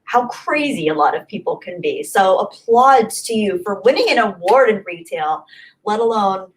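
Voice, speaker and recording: A young woman hosting a casual livestream, talking loosely and at length to her viewers. Her pitch sits mid-range for a woman. She wanders between thoughts and repeats phrases as she goes. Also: lively intonation, moderate pace, rough recording. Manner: chatty, rambling, repeats herself. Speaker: livestream host. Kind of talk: casual chat, reading viewer comments.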